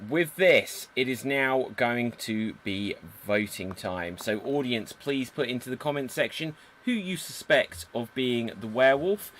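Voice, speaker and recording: A man's voice: mid-range voice, fairly bright tone. Upbeat male improv show host. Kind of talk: hosting a live online show.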